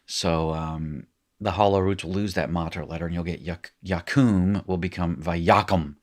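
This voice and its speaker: A man with a fairly low voice talks through a recorded lesson. He explains casually and fills gaps with "um". He often stops to correct or rephrase himself. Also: fairly even intonation, normal speed. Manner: chatty, self-correcting explanations with frequent fillers. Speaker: Hebrew teacher. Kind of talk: recorded screen-share lesson.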